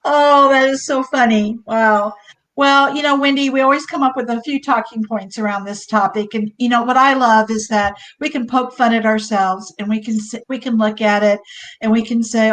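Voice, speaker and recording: Woman co-host, a bit high-pitched, easy conversational tone, laughs often. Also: steady tone, normal speed, a bit bright, poor audio. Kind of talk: casual faith chat on a webcast.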